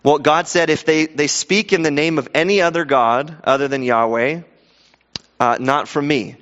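A man preaching a sermon with animated delivery, stumbling into restarts and acting out quoted voices. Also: a little high, moderate pace. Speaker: pastor. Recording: dull sound with long hall reverb.

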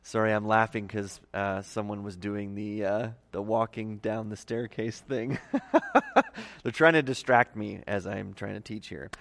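A man's voice: lowish voice, unhurried, creaky. A man teaching a livestreamed Bible study as pastor, in a casual, conversational way with lots of fillers. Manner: casual and conversational, many fillers, animated emphasis. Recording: long echoey reverb.

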